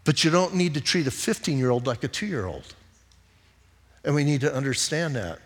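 A man's voice: on the high side, very animated, moderate pace. A middle-aged male pastor preaching a conversational sermon, mixing jokes and stories with teaching. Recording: long hall reverb.

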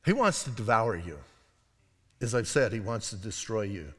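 A man preaching a sermon as pastor, in a conversational style with digressive asides and animated moments. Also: lowish voice, normal speed, husky, in a large hall. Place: church sanctuary.

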